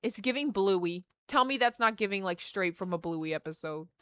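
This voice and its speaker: A young woman streaming, chatting casually and excitedly as she opens trading cards and speaks warmly to her chat. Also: medium pitch, moderate pace, dry recording. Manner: excitable, gasps and squeals at good pulls, earnest and affectionate to chat.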